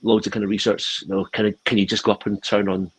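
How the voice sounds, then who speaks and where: Husky deep-voiced man storytelling. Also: level tone, fast, low-quality recording. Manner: rambling anecdotal telling with many restarts. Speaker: co-host. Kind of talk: casual storytelling chat.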